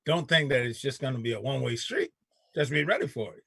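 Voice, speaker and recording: A man's voice: medium pitch, very animated, fast talker, vocal fry, a bit bright, husky, no room sound. A man hosting a casual talk show, telling stories bluntly and animatedly with some cussing. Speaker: show host. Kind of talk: casual chat.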